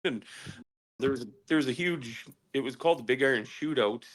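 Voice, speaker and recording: A man from British Columbia sits in as a podcast guest and spins a story in loose, cussing chat. His telling is animated: he mimics sounds and acts out what people said. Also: medium pitch, a little fast. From British Columbia, Canada. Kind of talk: casual storytelling.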